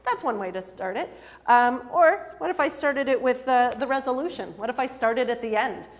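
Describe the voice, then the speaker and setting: A woman's voice: a little high, lively intonation, moderate pace. A woman in her twenties telling a personal story to an audience, chatty and self-deprecating, laughing often between many fillers. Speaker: storyteller and improv performer. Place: lecture hall. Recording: long hall reverb.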